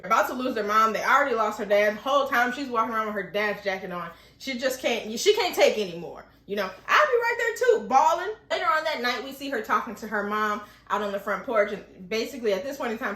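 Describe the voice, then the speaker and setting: High, bright-voiced woman recapping a show. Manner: animated, chatty, acts out quotes with laughter. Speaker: TV show reviewer. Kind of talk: casual recap and review. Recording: echoey room.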